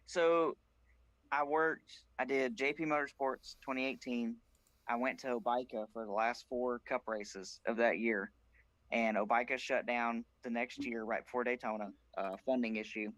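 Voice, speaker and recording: A man's voice: mid-range voice, steady tone, moderate pace, fairly bright tone, no room sound, low-quality recording. A man from South Carolina, a racing crew chief, telling stories as a podcast guest with a plainspoken, dry humor. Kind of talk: casual podcast chat.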